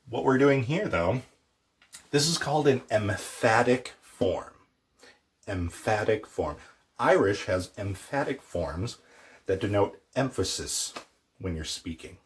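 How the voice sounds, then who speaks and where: Slow, lively male language teacher. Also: lowish voice. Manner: playful, animated, with mock dialogues. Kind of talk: casual language lesson.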